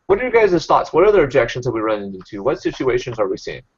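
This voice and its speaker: A man's voice: medium pitch, very animated, fast talker, husky. Man coaching a sales team, lo-fi. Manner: coaching, many fillers and restarts. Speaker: real estate trainer. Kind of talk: team sales training talk.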